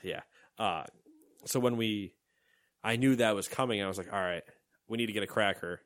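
Low-voiced man chatting casually. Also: normal speed, fairly bright tone. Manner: rambling, laughs often. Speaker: podcast co-host. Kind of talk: casual chat.

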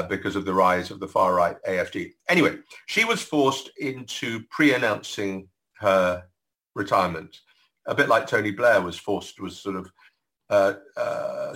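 A man's voice: fairly low pitch, sharp tone, poor audio. A British man telling political anecdotes as a podcast guest, digressive with wry asides. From Britain. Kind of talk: podcast discussion.

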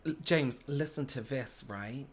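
A man's voice: medium pitch, measured pace. A young man co-hosting a podcast, chatting casually about beauty products and laughing often. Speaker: podcast co-host. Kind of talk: casual chat.

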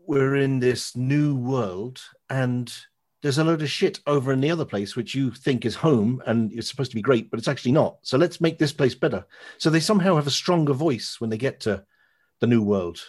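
Irish male co-host, very lively pitch, animated, opinionated banter. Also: moderate pace. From Ireland. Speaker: podcast co-host. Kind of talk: casual chat.

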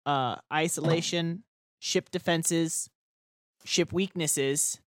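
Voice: medium pitch, fairly even intonation, slow pace, no echo, studio quality. A tabletop player chatting in character and out, asking rambling strings of questions. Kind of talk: casual tabletop play.

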